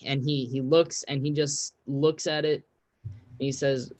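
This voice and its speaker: A man's voice: on the high side, unhurried, dry recording. Man narrating as game master. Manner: relaxed storytelling, laughs often.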